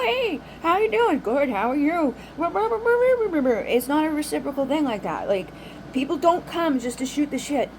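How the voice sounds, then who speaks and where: A woman's voice: sits high, a little mellow, a little hiss or hum, rough recording. A woman who runs a spiritual reading channel, talking in a casual, rambling monologue full of fillers, restarts and swearing. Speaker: spiritual reader and channel host.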